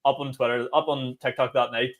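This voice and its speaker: A young Northern Irish man co-hosting a podcast, telling stories in rapid casual chat, swearing and acting out quotes. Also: mid-range voice, level tone. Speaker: podcast co-host.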